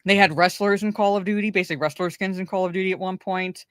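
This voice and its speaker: A woman's voice: mid-range voice, steady tone, fast talker, clear, resonant tone, no room sound. A woman co-hosting a casual pop culture podcast, rambling, swearing and repeating herself as she talks. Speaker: podcast co-host.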